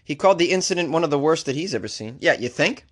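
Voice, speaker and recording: A man's voice: on the high side, lively intonation, fast. A man who is a comedian, hosting a daily weird-news podcast with wry jokey asides between stories. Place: recording in Los Angeles.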